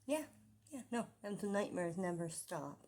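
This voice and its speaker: A woman's voice: fairly low pitch, lively intonation, measured pace, a little mellow. A woman in her forties vlogging casually from her apartment, rambling to her viewers, sometimes whispering and sometimes flaring up in indignation. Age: 40s. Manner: rambling, talks to viewers, drops into whispers and flares into indignant outbursts. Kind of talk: casual vlog monologue. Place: apartment indoors.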